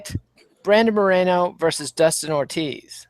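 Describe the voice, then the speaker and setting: A man hosting a fight podcast with a slightly high voice, recorded close and dry with no room sound. He moves briskly through the fight list. His asides are wry. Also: clear, resonant tone, no echo. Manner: runs the card, brisk and wry. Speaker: podcast host. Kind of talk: casual chat.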